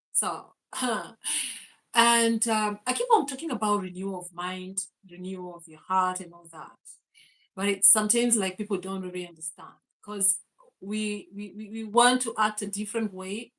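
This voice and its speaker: A woman's voice: medium pitch, a bit bright, low-quality recording. A woman, hosting a faith and mindset livestream, laughing often and greeting viewers by name. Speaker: host.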